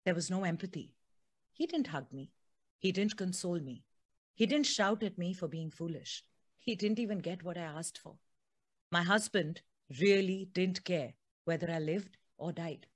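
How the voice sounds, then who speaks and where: A woman's voice: lowish voice, lively intonation, normal speed. A woman podcast host, chatting with her guest then reading a book excerpt aloud.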